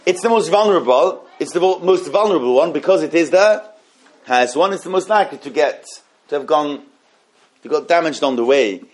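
Higher-voiced man teaching a text class. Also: animated. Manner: explains texts slowly with many restarts and repeated phrases. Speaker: Torah teacher. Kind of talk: halachic class with questions.

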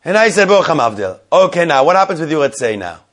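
A man's voice: fairly high pitch, very animated, quick pace, fairly bright tone. A man teaching a religious law class to a live group, repeating key points and putting questions to his listeners.

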